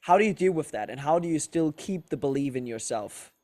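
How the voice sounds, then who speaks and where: A man's voice: fairly high pitch, animated, brisk, mellow. Earnest male podcast host. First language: German. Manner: earnest, searching, heavy use of filler words. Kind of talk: casual interview on a call.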